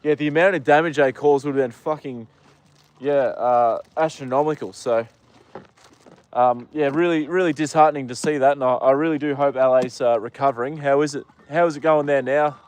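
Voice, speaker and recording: A man's voice: medium pitch, fairly even intonation, fairly quick, a little mellow. A young Australian man hosting a casual live stream outdoors with his horse, greeting viewers by name with lots of fillers. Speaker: livestream host.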